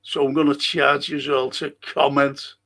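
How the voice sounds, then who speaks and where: A man's voice: mid-range voice, level tone, unhurried, a bit bright. A middle-aged man, hosting a podcast and reading out viewer comments in a rambling, chatty way. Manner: chatty, rambling, frequent restarts and fillers. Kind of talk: casual livestream chat.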